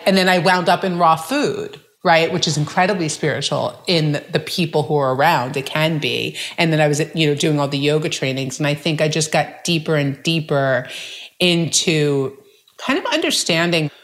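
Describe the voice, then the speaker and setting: Low-voiced chatty woman coach. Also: moderate pace. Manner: chatty, many fillers like "like" and "right?". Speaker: guest, mindset coach. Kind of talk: casual conversational storytelling.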